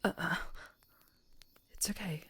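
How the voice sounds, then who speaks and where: A woman voicing a powerful, possessive female orc warrior in a whispered role-play, murmuring and often breathy. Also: takes it slowly, a bit bright, a little hiss or hum. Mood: worried, soothing. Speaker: ASMR storyteller.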